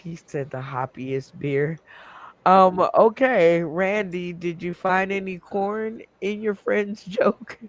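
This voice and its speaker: Man, game show host, high voice, unhurried, giggly and rambling, dry sound. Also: no room sound. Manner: laughs often, rambling with fillers. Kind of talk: casual comedy hosting.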